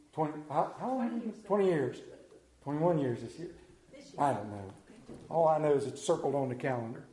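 A middle-aged man preaching a sermon in a church, telling stories dramatically, building to near shouts and dropping to hushed tones. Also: high voice. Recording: echoey church room.

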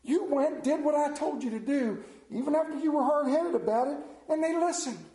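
A man's voice: extremely high pitch, a little fast, mellow, reverberant, voice pushed up. A man voicing God as a patient, reasoning male father figure, raised and earnest. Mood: pleading.

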